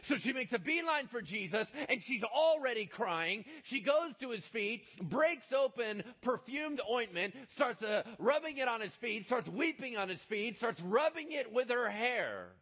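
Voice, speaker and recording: High husky-voiced guy preaching, bright tone, goes loud then real quiet telling the story. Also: a little slow, few pauses. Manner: animated storytelling, swings from loud to hushed. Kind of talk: sermon.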